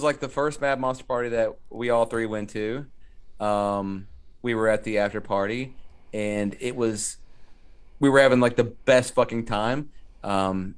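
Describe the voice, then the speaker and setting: Male podcast co-host, excitable storyteller with a lot of swearing. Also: on the low side, normal speed, smooth. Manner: excitable, profane, laughing storyteller. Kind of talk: casual chat.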